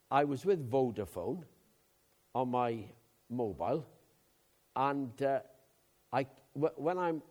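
A man preaching a sermon, telling personal stories in a chatty way with loud emphatic bursts. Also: medium pitch.

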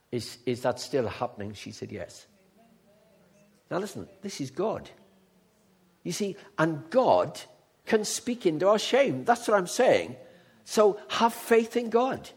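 Husky older preacher. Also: male voice, a little high. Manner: storytelling, swings from hushed to loud and emphatic. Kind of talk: sermon.

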